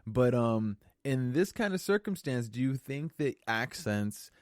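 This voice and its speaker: A man co-hosting a podcast in casual chat, talking haltingly with many fillers and questions. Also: mid-range voice, big pitch swings, no echo, studio quality. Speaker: podcast co-host.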